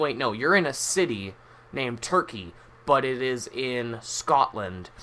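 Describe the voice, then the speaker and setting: Teasing bright-voiced male podcast host. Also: mid-range voice. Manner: teasing, quick to laugh, interrogating. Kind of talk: improvised comedy banter.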